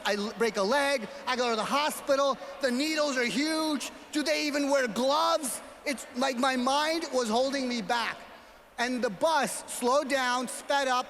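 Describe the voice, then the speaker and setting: High-voiced man speaking in a hall. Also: a little hiss or hum. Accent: New York. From New York. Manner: storytelling, often shouting to the crowd. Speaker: gala speaker. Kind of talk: motivational speech. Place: large banquet hall. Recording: hall reverb, faint ambience.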